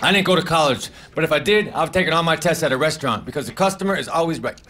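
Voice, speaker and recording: A man doing a stand-up comedy set of deadpan one-liners with mumbled asides, recorded live on a comedy club stage. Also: a little high, rapid-fire, over a noisy crowd, very noisy.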